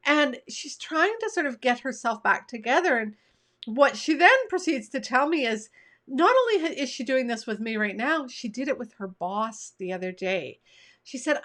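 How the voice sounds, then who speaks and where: Woman leadership coach, high bright voice, chatty and expressive, talking right to you. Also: normal speed. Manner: conversational, warm direct address to listener. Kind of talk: motivational coaching talk.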